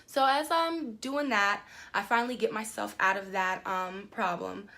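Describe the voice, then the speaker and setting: Animated young woman telling a story. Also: measured pace. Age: young adult. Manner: animated, rising high when indignant, many "like" and "um" fillers. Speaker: vlogger. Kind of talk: casual storytime vlog.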